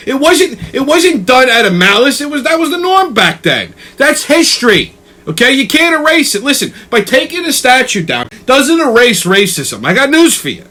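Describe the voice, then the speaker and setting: A man rants in a high, bright voice with a sharp edge. His pitch swings widely as he piles up exasperated, profane asides, checking in with a constant "okay?". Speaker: host. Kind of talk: ranting comedic commentary.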